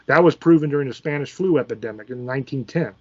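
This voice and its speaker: A man's voice: medium pitch, fast, lo-fi sound. A man from Virginia, hosting his channel in an angry, profane political rant. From Virginia, USA. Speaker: channel host. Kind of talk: ranting political commentary.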